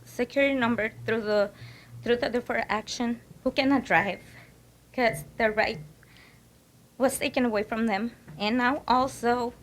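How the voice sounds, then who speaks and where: A woman's voice: on the high side, a bit bright, a little hiss or hum. A woman speaking as a concerned parent at a public comment, hesitant and full of fillers. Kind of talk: public comment at a board meeting.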